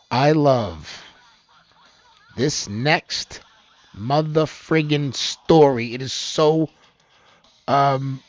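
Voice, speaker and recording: A man hosting a homemade news channel, rambling through the stories with loud outbursts and low mutters. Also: drawn-out words, pauses often, no room sound. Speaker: host of an amateur news channel. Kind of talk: rambling off-the-cuff news commentary. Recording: dull, lo-fi, dry sound.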